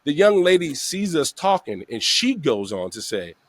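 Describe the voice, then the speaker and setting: A man's voice: fairly high pitch, moderate pace, dry recording. A man from the Bronx hosting a podcast, telling a long story casually and acting out the voices of people in it. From the Bronx, New York. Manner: animated, acts out voices in his stories, laughs often. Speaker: podcast host.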